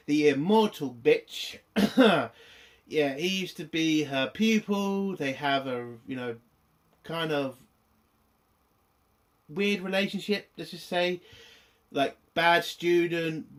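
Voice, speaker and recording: A young British man with a British accent talks through a TV episode in a loose, ranting way. He swears often and leans on fillers as he goes. His voice sits a little higher than most men's. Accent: British English. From Britain. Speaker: TV review host. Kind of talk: casual spoken review.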